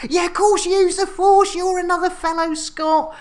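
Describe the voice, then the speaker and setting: This British streamer's voice is very high, with fairly even intonation and a normal pace. Hosting a relaxed gaming livestream in the UK, she jokes and chats with viewers, laughing often and leaning on catchphrases.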